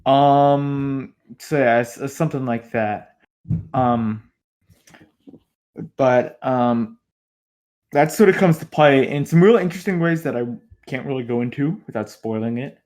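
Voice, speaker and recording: A man's voice: medium pitch, a little slow, darkish tone. A man co-hosting a podcast, talking in a rambling casual way full of filler words. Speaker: podcast co-host. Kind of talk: casual chat.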